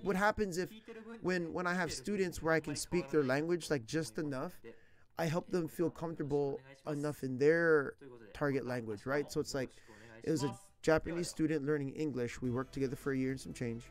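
A man in his thirties chatting casually as a language teacher streaming online, slangy, rambling and earnest. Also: a little high. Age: 30s. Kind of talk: casual chat.

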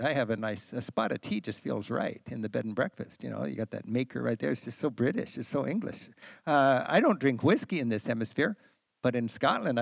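Animated, gravelly-voiced American man storyteller. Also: medium pitch, no room sound, studio quality. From United States. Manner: enthusiastic, animated storyteller with frequent fillers. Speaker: travel writer and guest speaker. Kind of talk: storytelling talk to an audience. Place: lecture event.

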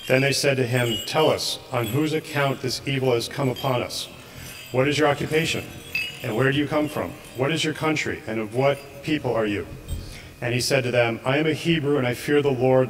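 A man giving a steady, measured liturgical reading of scripture in a church service, with the odd slip. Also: mid-range voice. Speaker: scripture reader.

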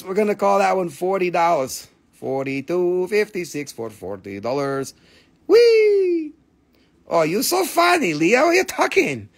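Gravelly joking rock-seller man. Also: sits high. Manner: joking, profane, playful; non-native, broken English. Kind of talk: live sales stream.

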